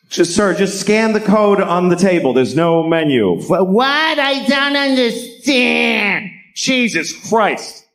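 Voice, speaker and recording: A middle-aged man doing a stand-up comedy set, deadpan and profane, building to shouted rants. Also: very high voice. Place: comedy stage before a live audience.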